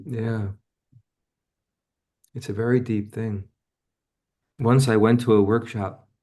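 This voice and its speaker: Taking his time, an interview guest in his seventies talks with a warm tone and fairly even intonation. His reminiscences are thoughtful and conversational, broken by sudden pitch jumps whenever he imitates people he remembers.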